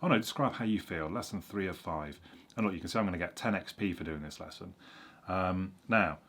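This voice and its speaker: A man's voice: low voice, fairly quick, fairly bright tone, slightly rough. A man chatting casually about learning a language, rambling and correcting himself with frequent ums. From England. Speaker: vlogger. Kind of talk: casual explanatory chat.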